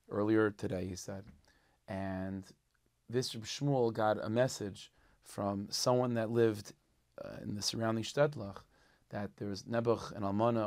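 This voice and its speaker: A man, a rabbi, telling a story in a casual, animated, conversational way, full of religious terms. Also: lowish voice.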